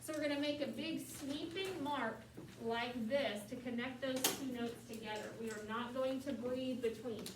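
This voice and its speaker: High-voiced choir teacher, echoey and distant. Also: female voice. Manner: instructive, chants lyrics slowly. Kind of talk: classroom music lesson. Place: classroom. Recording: echoey classroom from far off, noisy.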